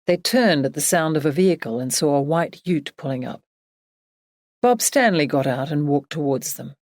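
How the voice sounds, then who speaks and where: A woman with a low voice reads a romance novel aloud in a measured, even way. The recording is very dry and close, with no room sound. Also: dry recording. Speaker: audiobook narrator. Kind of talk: scripted narration.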